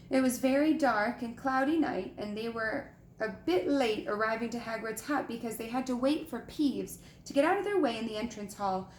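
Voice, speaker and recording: A woman reading a children's book aloud with gentle, expressive storytelling and showing the pictures. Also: fairly high pitch, a little hiss or hum. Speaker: reader. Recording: echoey room with faint ambience.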